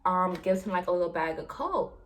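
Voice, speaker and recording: A woman in her twenties in casual storytime chat to camera, animated, jumping in pitch and talking straight to her viewers. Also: a little fast. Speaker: vlogger telling a personal story.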